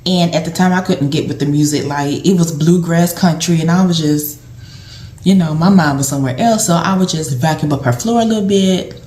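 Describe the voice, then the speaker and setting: A woman's voice: low-pitched, fairly quick, a little mellow. A woman who once worked as a home health aide, telling stories and giving tips in a rambling, conversational way with lots of fillers. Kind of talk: casual storytelling vlog. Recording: roomy echo.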